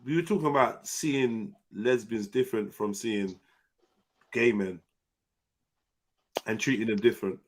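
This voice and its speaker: A man hosting a casual group chat, teasing and laughing loudly. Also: lowish voice, a little slow, pauses often. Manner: loud, teasing, laughs often. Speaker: host.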